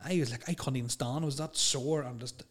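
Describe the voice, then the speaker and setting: A man telling a rambling, animated story in casual chat, laughing and swearing as he goes. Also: mid-range voice, fast talker. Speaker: podcast guest telling stories.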